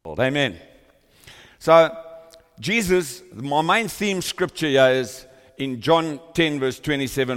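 A pastor with a fairly high, bright, clear and resonant voice preaches slowly and expressively to his congregation in a church hall, his words trailing into a long reverb. Speaking into a stand-mounted mic, he prays and tells stories with fervor that keeps rising.

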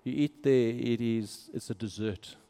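A man's voice: medium pitch, steady tone, a little slow, mellow, smooth. A man, a minister, narrating travel photos in a casual, enthusiastic and exclaiming way. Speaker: minister on a mission trip. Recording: long hall reverb.

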